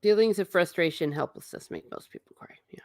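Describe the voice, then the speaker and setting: A young adult woman talks casually to her viewers, rambling, laughing and chatting. Her voice sits fairly low for a woman. The sound is dry and close, with no room echo. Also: lively intonation, brisk, a little mellow. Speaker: livestream host reading chat. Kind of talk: casual livestream chat.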